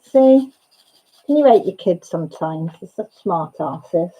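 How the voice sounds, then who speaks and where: A woman hosting a casual chat livestream, excitable, laughing and greeting viewers by name. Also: fairly low pitch, measured pace. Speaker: livestream host. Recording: dull lo-fi livestream sound.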